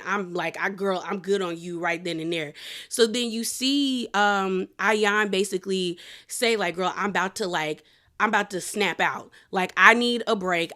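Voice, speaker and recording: A woman giving a casual, chatty recap of a reality show, acting out what the cast said in slangy quotes. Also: medium pitch. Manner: chatty, animated quoting with slang.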